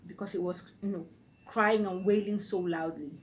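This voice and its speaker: A woman's voice: lowish voice, fairly even intonation, normal speed, a little hiss or hum, poor audio. A Nigerian woman telling a personal story on her vlog in an earnest, vivid way. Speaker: vlogger.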